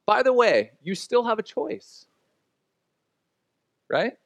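A man's voice: very high voice, sing-song, takes it slowly, creaky, no echo. A man preaching as a pastor in a casual, conversational way, acting out quotes and laughing at his own stories. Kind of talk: sermon.

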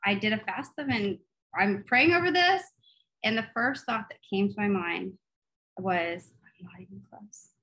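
A woman co-hosting a faith podcast, telling a personal story with lots of laughter and then praying in a soft, earnest voice. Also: mid-range voice, unhurried, rough recording. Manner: animated storytelling, laughs often, turns soft and earnest in prayer. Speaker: podcast co-host. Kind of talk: faith podcast chat and prayer.

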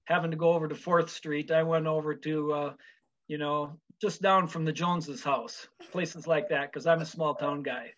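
Man, guest, from Minnesota, fairly high voice, measured, pausing, dull lo-fi audio. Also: fairly even intonation, a bit bright. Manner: measured, with frequent uh pauses. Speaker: guest, wrestling official. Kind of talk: casual interview chat.

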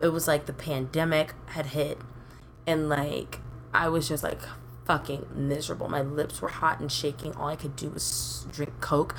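A young woman co-hosting a podcast, telling stories in a profane, animated casual chat. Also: deep voice, normal speed, creaky, slight background noise. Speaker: podcast co-host.

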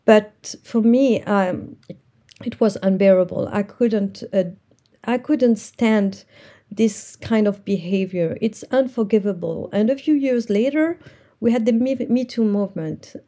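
Woman, husky, gravelly, earnest personal storytelling, reflective. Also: medium pitch, measured pace, warm tone. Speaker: entrepreneur.

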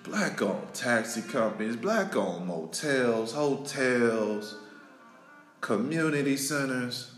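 A man, hosting a podcast and delivering an emotional, preachy monologue that repeats lines for emphasis and swings between loud and soft. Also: medium pitch, expressive, slow. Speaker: podcast host. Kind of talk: impassioned spoken monologue. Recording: roomy echo with faint music.

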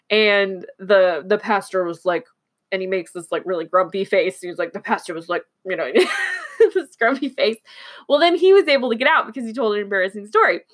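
A woman's voice: medium pitch, a bit bright. Woman from Oklahoma, casual chat, giggly, rambling, lots of fillers. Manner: chatty and giggly, many fillers and restarts.

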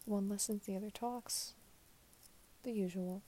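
A young woman giving a reflective spoken monologue, her voice soft and drifting in and out of a whisper. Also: medium pitch, steady tone, measured pace.

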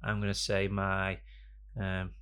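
A man hosting a podcast in a studio, rambling and joking with bursts of loud energy. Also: sits low, completely flat delivery, slow, clean tone. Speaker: podcast host. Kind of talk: casual chat. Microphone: studio microphone.

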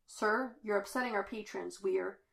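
A woman's voice: medium pitch, moderate pace, creaky. Woman voicing a stern security guard. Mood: firm. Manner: firm, warning.

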